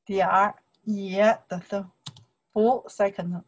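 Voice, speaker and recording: A woman's voice: medium pitch, fairly even intonation, slight background noise. A woman whose first language is Chinese, teaching a Chinese lesson in simple English and patiently repeating words and tones. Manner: patient, repetitive, drills tones and words slowly; simple, non-native English.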